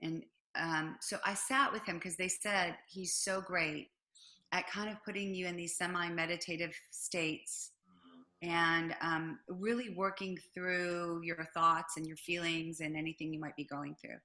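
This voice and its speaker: A woman's voice: on the low side, unhurried. A middle-aged woman, a business owner guest in an interview, telling a personal story with lots of fillers and acted-out quotes. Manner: animated storyteller, acts out quotes, frequent fillers.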